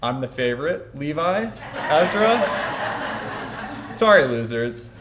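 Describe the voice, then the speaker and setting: A young man giving a eulogy as the grandson at a funeral home, casual, joking and quick. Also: fairly high pitch, big pitch swings, heavy background noise.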